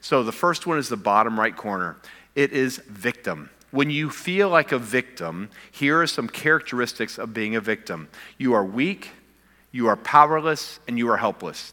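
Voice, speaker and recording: Bright-voiced preacher man in a big hall. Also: medium pitch, normal speed. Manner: animated preaching that climbs to emphatic peaks and drops to quiet intensity. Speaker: pastor. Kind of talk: sermon. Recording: long reverb of a large hall.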